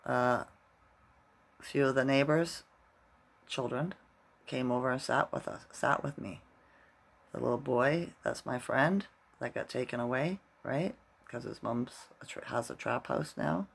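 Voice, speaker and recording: A man's voice: mid-range voice, a little slow, vocal fry, long pauses, fairly bright tone, breathy edge. A middle-aged man vlogging casually, rambling through a story and tagging his sentences with "right?".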